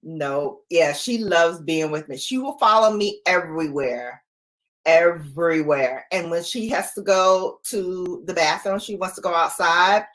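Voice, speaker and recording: A woman in her forties chatting casually with live viewers from home, playful and quick to laugh. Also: lowish voice. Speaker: livestream host.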